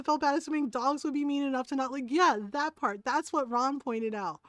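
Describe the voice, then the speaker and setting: A woman streamer chatting casually, telling an animated family story with frequent laughs and "right?" tags. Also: high-pitched, moderate pace, no room sound, studio quality. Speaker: game streamer. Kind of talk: casual chat.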